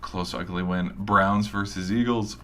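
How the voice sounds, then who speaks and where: A man's voice: low-pitched, fairly even intonation, a little slow, fairly bright tone, slight background noise. A man hosting a sports show, rambling through casual game predictions with hype and mild swearing, his voice a little tired. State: tired, voice giving out.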